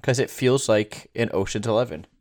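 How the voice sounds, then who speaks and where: A man's voice: fairly low pitch, normal speed, darkish tone, no echo, clean studio sound. A man guesting on a casual podcast, making wry, hesitant and exasperated asides.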